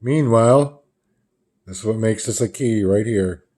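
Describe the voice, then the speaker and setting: A man's voice: fairly low pitch, measured pace, mellow. A man casually retelling the panels of a comic book in a loose, rambling way, as a reviewer.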